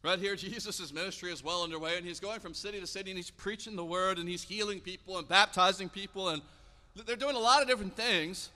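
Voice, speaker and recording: Bright-voiced preacher in a reverberant church. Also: male voice, high voice. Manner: storytelling preacher, acts out biblical dialogue casually. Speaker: pastor. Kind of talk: sermon. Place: church sanctuary. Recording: long hall reverb.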